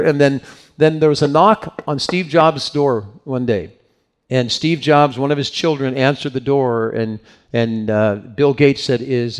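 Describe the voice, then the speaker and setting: A man giving a conversational sermon at a moderate, middle-of-the-road pitch. He meanders through stories, breaks off for asides, and repeats words as he gathers his thoughts. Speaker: pastor.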